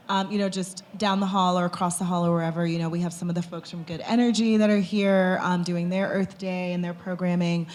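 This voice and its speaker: Low mellow-voiced woman panelist. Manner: conversational, many fillers like "like" and "you know". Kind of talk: casual panel discussion.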